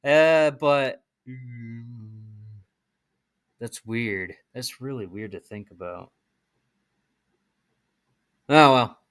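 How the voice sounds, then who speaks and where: A man's voice: medium pitch, extremely slow, long pauses, a bit bright, smooth. A man commenting casually on a video game as he plays, chatty and rambling, often restarting his sentences, with game music behind him. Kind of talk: let's play commentary.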